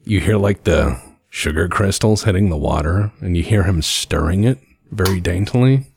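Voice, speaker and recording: Deep-voiced game master narrating. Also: male voice, normal speed, a little mellow, husky, no echo, clean studio sound. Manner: descriptive, laughs easily.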